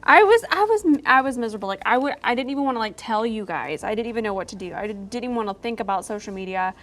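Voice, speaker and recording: While putting on her makeup, a young beauty vlogger chats away in a slightly high, animated, somewhat bright voice. She giggles a lot and tells her story quickly, peppering it with quoted asides.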